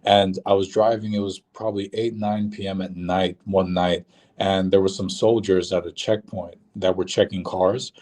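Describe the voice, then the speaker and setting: A man telling his travel experiences as an interview guest, measured and hesitant with frequent pauses. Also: deep voice, level tone, a little mellow, recorded from a distance. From Boston, USA. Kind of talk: casual interview storytelling.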